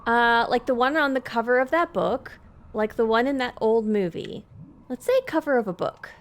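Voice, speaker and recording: A woman with a slightly high voice doing live let's play commentary. She reads game dialogue aloud and breaks off to chat with her viewers. Her voice is close on a desk mic in a home setup. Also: moderate pace. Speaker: streamer.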